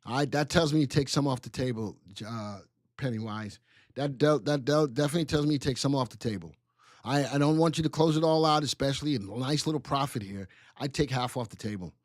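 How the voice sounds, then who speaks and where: A man hosting a live stock market stream, bantering with chat and spelling out ticker symbols in an excitable, teasing way. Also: medium pitch, brisk, no echo, clean studio sound.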